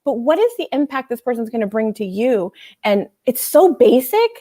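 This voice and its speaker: A woman with a slightly higher voice chats casually about recruiting over a video call. She tells stories in a loose, conversational way and laughs easily. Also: sing-song, normal speed, mellow. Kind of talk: casual chat.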